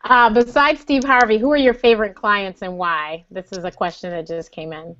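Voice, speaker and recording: A woman's voice: mid-range voice, fairly even intonation, normal speed, fairly bright tone. Woman host asking interview questions. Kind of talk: casual interview. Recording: dull lo-fi sound.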